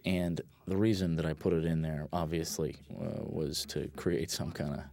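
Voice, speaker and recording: A film director talks casually over his own movie in a relaxed, rambling way. His voice is very low, and he fills it with "you know" and "uh" and blunt opinions. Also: normal speed, vocal fry. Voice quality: rambling, lots of fillers, laid-back and blunt. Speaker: film director giving commentary.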